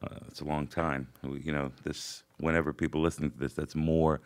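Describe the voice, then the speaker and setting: An older man from Brooklyn with a faded Brooklyn accent, hosting a casual interview and rambling with many pauses. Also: a bass voice, level tone, smooth, no room sound. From Brooklyn, New York. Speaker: podcast host.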